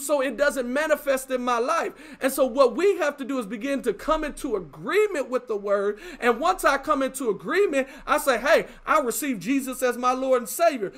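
Man, pastor, sermon, very high pitch, emphatic, repeats phrases, occasional shouts.

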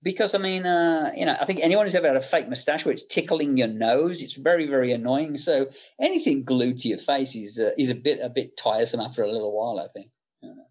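A man's voice: mid-range voice, fast, a little mellow, husky. A middle-aged man, a makeup effects artist, chatting casually in an interview and telling anecdotes with many fillers.

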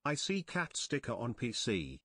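A man's voice: mid-range voice, wildly swooping pitch, unhurried, fairly bright tone, slightly rough, dry recording. A text-to-speech voice of a man reading viewer messages aloud with stiff synthetic delivery. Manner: stiff synthetic delivery, odd phrasing read literally.

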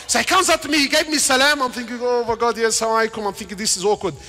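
Male preacher, impassioned sermon, very high bright voice, echoing hall. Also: steady tone, very fast. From Lebanon. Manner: impassioned, swings between shouting and quiet asides; peppers speech with Arabic words and casual slang. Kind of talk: passionate sermon. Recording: reverberant hall.

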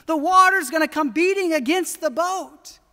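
A woman pastor preaching a sermon in an earnest, deliberate way, slowing down for emphasis. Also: extremely high pitch, sharp tone. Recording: long church reverb.

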